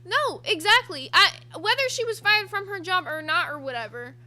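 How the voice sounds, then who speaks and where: A woman's voice: very high-pitched, sing-song, fairly quick, sharp tone. A woman hosting a livestream, reading super chats and giving blunt, profane commentary. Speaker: streamer host.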